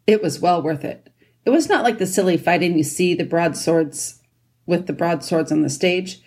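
A woman narrating a children's storybook at a steady pace. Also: fairly low pitch, moderate pace. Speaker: audiobook narrator.

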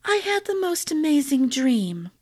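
A woman reading aloud voices a frail, gentle young queen who is naive and trusting, speaking softly and earnestly. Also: high voice, very animated, measured pace, voice pushed up. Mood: dreamy.

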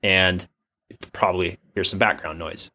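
A man's voice: deep voice, steady tone, unhurried, bright, forceful tone. An American man co-hosting a casual tech chat from his home office over a remote call, enthusiastic and jokey, with rambling sentences. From United States. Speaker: podcast co-host. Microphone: remote call mic.

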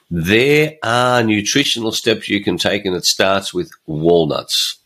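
A middle-aged man delivers a motivational podcast monologue. His voice sits low and carries a husky edge. He hammers his points home by repeating words. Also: expressive, normal speed, hardly any pauses, a bit bright. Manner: emphatic, repeats phrases. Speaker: podcast host and coach.

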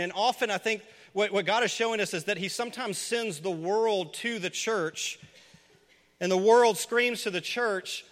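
A man with a high, bright, ringing voice delivers an earnest sermon to his congregation, his words trailing off into the long reverb of a church hall. He presses his points with repeated questions that grow loud and pleading. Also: moderate pace. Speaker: pastor.

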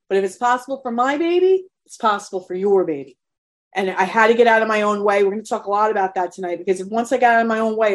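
A woman coaching parents in a live webinar, talking in an earnest, motivational way and swearing openly. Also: a little high. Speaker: potty training coach.

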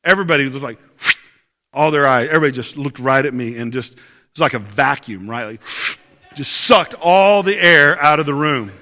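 Male pastor, bright high voice, conversational sermon with rhetorical questions, reverberant church hall. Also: animated, brisk, a little hiss or hum. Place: church service.

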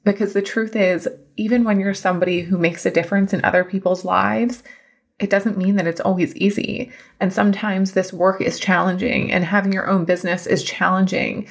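Gravelly-voiced woman podcast host. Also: mid-range voice, fairly even intonation, a little fast. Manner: chatty, emphatic, heartfelt. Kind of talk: casual storytelling monologue.

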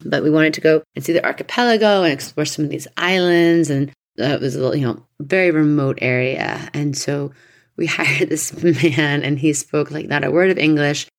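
A woman's voice: low-pitched, steady tone, moderate pace. A woman in her thirties hosting an astrology podcast, chatty and rambling off on tangents. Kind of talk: casual podcast chat.

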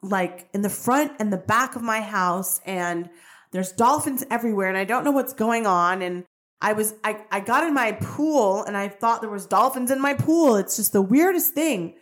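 A woman hosting a podcast, telling a personal story in a chatty, animated way that wanders off on tangents. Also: medium pitch, moderate pace. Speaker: podcast host.

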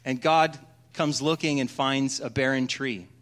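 A man's voice: medium pitch, fairly even intonation, unhurried, a bit bright. A man preaching a sermon, telling a joke in a conversational way and acting out the voices in it. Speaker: pastor.

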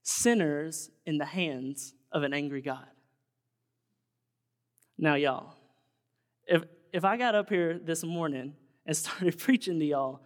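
A man's voice: on the high side, moderate pace. A man preaching a sermon as pastor, folksy and conversational, turning earnest and solemn. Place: church sanctuary. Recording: long church hall reverb.

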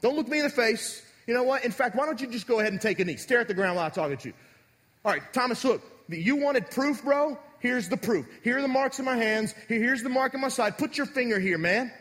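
A man's voice: extremely high pitch, lively intonation, fast, a bit bright, pitched above the performer's own voice. A man voicing an impatient, scornful figure who barks orders at a doubter. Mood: angry, scolding. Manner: barking, scornful, pushy. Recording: echoey hall.

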